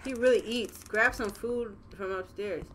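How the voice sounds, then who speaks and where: A young woman playing a horror game and reacting out loud, profane and jokey as she goes. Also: fairly high pitch, fairly even intonation, unhurried, slight background noise. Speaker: gaming channel host.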